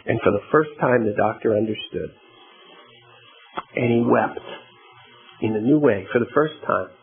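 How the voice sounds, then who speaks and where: A man's voice: medium pitch, unhurried, vocal fry, slight background noise. A male pastor preaching a sermon in a conversational, storytelling way. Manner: conversational storytelling, asks "right?". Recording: tinny phone-like radio broadcast.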